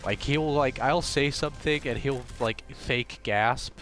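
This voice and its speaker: A male game streamer chatting with his viewers mid-match. He talks casually and rambles, leaning on fillers and quick restarts, at a middle pitch for a man. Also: fairly bright tone, soft background music. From half British. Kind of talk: casual live-stream commentary.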